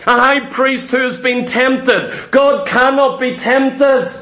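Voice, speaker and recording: A man's voice: extremely high pitch, slow, sharp tone. A man preaching a sermon with passion, repeating phrases and acting out the voices of doubters and of Christ.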